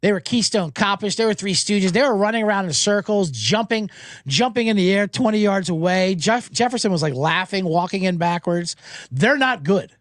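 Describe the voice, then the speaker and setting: A man hosting a sports betting show, talking casually and telling anecdotes with quick character voices. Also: sits high, no room sound, clean studio sound. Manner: animated storyteller, doing quick voices in anecdotes.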